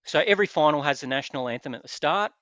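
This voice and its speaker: A man's voice: on the high side, rapid-fire, no echo. Australian man, dry lo-fi sound. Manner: animated storyteller with hesitant restarts. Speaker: podcast host. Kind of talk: casual chat.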